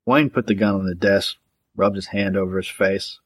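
Low-voiced male audiobook narrator. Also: fairly even intonation, moderate pace.

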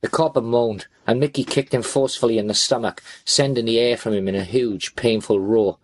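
A man's voice: medium pitch, fairly even intonation, a little fast. A man narrating a gritty first-person crime story in a tense, expletive-laden style. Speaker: audiobook narrator.

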